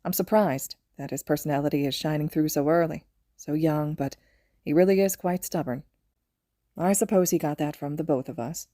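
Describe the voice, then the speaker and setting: A woman voicing a gentle, halting young father. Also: low voice, no room sound, clean studio sound, lightly acted. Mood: tender. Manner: soft-spoken, halting, affectionate. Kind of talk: podfic reading.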